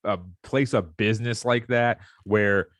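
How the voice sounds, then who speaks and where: A man's voice: on the low side, steady tone, measured pace, no echo, clean studio sound. A young man co-hosting a casual podcast, telling easygoing stories and laughing often. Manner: laid-back storyteller, laughs often. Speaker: podcast co-host. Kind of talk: casual chat.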